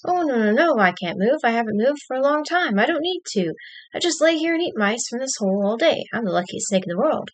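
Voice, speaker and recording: A woman's voice: fairly high pitch, sing-song, fairly quick. A woman voicing a fat, lazy male python who is smug and content and repeats himself in a chatty way, read from a storybook game.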